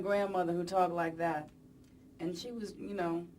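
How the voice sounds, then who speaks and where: A woman's voice: lowish voice, fairly even intonation, moderate pace, darkish tone, recorded from a distance, slight background noise. A woman singer giving a casual press interview, chatty and playful, rambling with plenty of fillers. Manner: chatty, playful and rambling, many "you know"s. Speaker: pop singer being interviewed. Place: press event.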